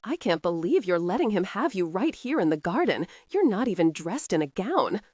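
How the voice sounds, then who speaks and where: A woman's voice: medium pitch, very animated, moderate pace, a little mellow, no echo, studio quality. A woman voicing a jealous, spiteful young woman who speaks shrilly and accusingly, in an audiobook.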